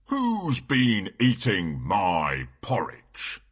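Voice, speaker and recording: A man playing a big, gruff father bear with slow, booming, drawn-out speech. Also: huge pitch swings, heavily acted. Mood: indignant.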